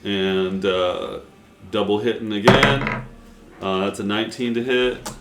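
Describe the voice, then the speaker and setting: Player, male, lowish voice, jokey, echoey room with music behind him. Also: measured pace. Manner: animated, jokey, counts dice rolls out loud. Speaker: tabletop game player. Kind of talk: casual game chat. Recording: roomy room sound with background music.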